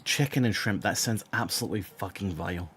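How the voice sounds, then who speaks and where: A man's voice: fairly low pitch, brisk, a bit bright, slight background noise. A young man streaming live and chatting with his viewers. He is blunt, rambles, swears freely and has a sore throat. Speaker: live streamer reading chat. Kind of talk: casual live-stream chat.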